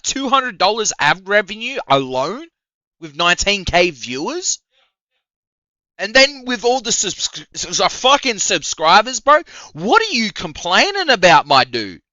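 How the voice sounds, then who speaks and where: A man's voice: high voice, big pitch swings, moderate pace, pushed and bright, no room sound, muffled recording. A man doing a heated, profane reaction rant on his stream. He sounds incredulous and mocks what he hears, with short laughs. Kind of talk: ranting reaction commentary.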